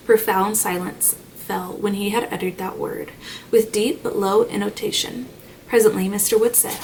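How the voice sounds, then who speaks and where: A woman narrating a classic novel in a measured, expressive reading voice. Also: medium pitch. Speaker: audiobook narrator. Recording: slightly distant mic, faint noise.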